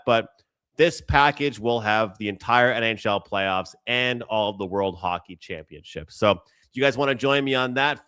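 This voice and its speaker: A man with a Canadian accent hosting a live betting show, breaking down hockey odds and pitching his picks package. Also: pushed and bright, no room sound. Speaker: sports betting show host. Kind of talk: betting analysis talk on a live stream.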